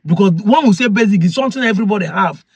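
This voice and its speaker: High-voiced Igbo Nigerian man explaining earnestly. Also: animated, rapid-fire, husky, no echo. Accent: Nigerian English, Igbo. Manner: earnest, repeats points to drive them home. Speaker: community chief. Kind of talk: explanatory talk.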